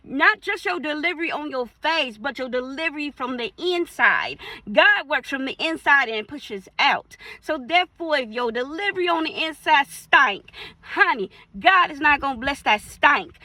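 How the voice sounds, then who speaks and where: Woman minister, casual sermon, animated, slips into playful character voices. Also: high-pitched, moderate pace, no echo, rough recording. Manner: animated, acts out little dialogues in playful voices. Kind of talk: casual preaching.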